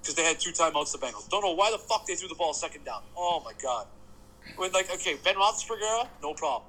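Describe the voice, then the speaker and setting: A man in a loose podcast chat, excitable and profane, ranting hard. His voice sits slightly high and sounds bright and forceful. A faint hiss of background noise runs under the recording. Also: fast talker, poor audio. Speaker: podcast co-host, sports fan. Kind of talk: casual chat.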